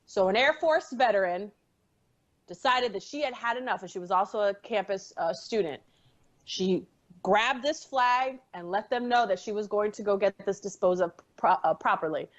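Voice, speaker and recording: A woman's voice: mid-range voice, normal speed, highs cut off. A woman co-hosting a casual podcast, brash and joking, who swings into fired-up rants. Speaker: podcast co-host. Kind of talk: casual podcast banter and rant.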